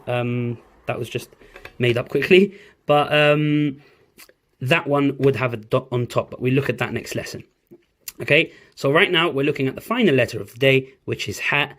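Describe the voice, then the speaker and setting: A man teaching an online Arabic lesson, patiently encouraging learners and slowly repeating each sound for them to copy. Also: mid-range voice, fairly bright tone. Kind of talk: online language lesson, drawing on a board.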